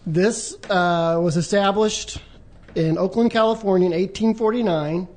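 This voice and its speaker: High-voiced man quizzing his co-hosts. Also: measured pace, darkish tone. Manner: chatty storyteller, trails off with "so". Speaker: radio show producer. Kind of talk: casual on-air chat, quizzing co-hosts.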